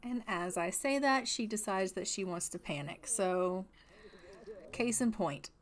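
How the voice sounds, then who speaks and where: With a mid-range voice and measured pace, the gaming channel host chats through her life-sim game. She describes what her characters are doing and jokingly supplies lines for them.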